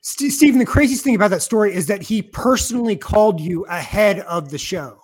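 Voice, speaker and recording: High-voiced man, rambling host questions. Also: brisk, husky. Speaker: interview host. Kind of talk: casual interview.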